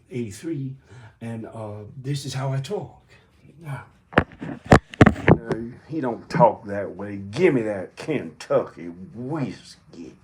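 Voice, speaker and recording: A man rambling through a silly comedic monologue, often breaking into high giggling fits. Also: heavy background noise. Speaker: comedic video maker.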